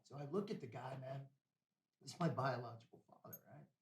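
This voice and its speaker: Man, guest storyteller; blunt and street-casual, heavy on "man"; mid pitch, reverberant room, distant from the mic. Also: brisk. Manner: blunt, profane, peppers talk with "man" and "bro". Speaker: podcast guest. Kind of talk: personal storytelling in conversation.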